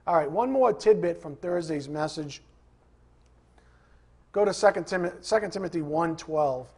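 A man's voice: a little high, lively intonation, moderate pace, slightly rough. A man preaching a sermon, repeating scripture references and putting questions to his congregation in an emphatic style. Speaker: pastor.

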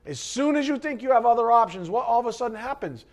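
A male pastor delivers a sermon in a lively, conversational style, trading jokes with the congregation and shifting between loud emphasis and soft asides. His voice is very high and he talks quickly.

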